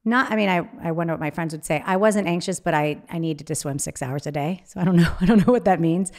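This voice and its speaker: A woman, interviewed about her work as an author, opens up emotionally, her speech halting and full of restarts. Her voice is somewhat low and a little mellow.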